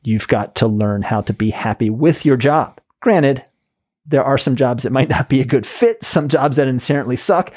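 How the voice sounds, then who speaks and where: A man's voice: medium pitch, moderate pace, darkish tone. Male podcast host, casual and loose, mid-range voice. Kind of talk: podcast conversation.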